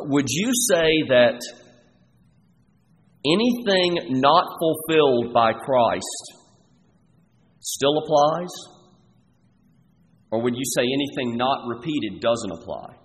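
A man's voice: mid-range voice, animated, slow pace, pauses often. A man preaching a sermon as pastor in a church, earnest and pressing his listeners with repeated rhetorical questions. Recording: long hall reverb, faint background noise.

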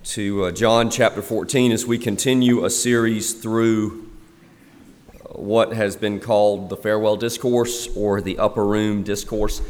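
A male pastor preaching a sermon, chatty with the congregation and emphatic on key points, slowing down to stress the scripture he reads. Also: fairly low pitch, steady tone, darkish tone, big-room sound. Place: church sanctuary.

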